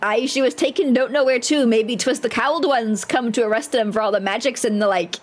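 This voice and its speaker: A woman reading a gruff gossipy male townsman's lines in a deliberately bad folksy accent, full of "aye" and "bleeding". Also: on the high side, natural voice. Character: rough-talking male townsman, blunt and gossipy.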